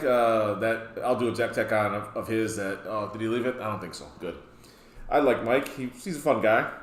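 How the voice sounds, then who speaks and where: Man casually joking through a card list. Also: on the low side. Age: adult, past his youth. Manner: joking, rambling asides. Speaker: card game deck tech host. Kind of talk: casual deck walkthrough. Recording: roomy echo.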